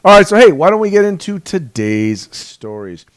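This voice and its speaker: A man's voice: high voice, sing-song, moderate pace, no echo. A man hosting a casual political podcast from his studio, mixing sarcastic jokes with news commentary. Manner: jokey, sarcastic asides. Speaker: host. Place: home studio.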